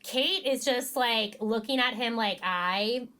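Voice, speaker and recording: A woman's voice: a little high, measured pace. A young woman co-hosting a podcast, chatting casually and telling stories animatedly, acting out what people said. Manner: animated storytelling, quoting people with voices, swears. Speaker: podcast co-host. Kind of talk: casual recap chat.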